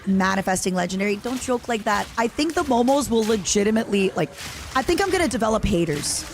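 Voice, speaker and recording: A young woman with an Eastern European accent streams a game live, reacting excitably and chatting with viewers. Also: mid-range voice, fast, slight background noise. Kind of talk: live gaming stream chat.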